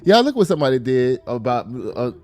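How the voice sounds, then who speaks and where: A man's voice: medium pitch, sing-song, a little fast, a little mellow. A man hosting a casual commentary vlog, chatty and profane, talking straight to his viewers.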